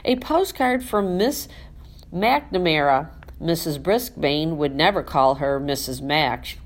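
Lively woman narrating a children's storybook. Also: low-pitched, takes it slowly. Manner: lively, expressive, animated. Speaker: audiobook narrator. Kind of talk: storybook narration in first person as a classroom hamster.

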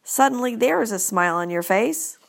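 A woman voicing a jolly, loud man who works as a school janitor, in an audiobook reading. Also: animated, normal speed, vocal fry, heavily acted. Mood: booming, cheerful. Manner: booming and cheerful. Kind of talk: audiobook character voice.

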